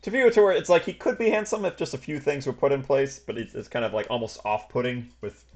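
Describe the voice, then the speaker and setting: A man's voice: medium pitch, quick pace, darkish tone. Rambling game master, man. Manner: rambling, full of hedges and fillers. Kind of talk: narrating a tabletop game.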